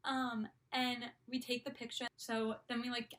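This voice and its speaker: Chatty young woman, slightly high voice. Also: level tone, unhurried, a bit bright. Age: young adult. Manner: gushing, filler-heavy, constant "like". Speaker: vlogger. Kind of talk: casual storytelling.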